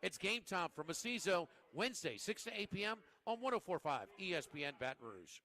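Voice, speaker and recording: Brief: high, bright male announcer, animated promo read. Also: brisk. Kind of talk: scripted radio promo read.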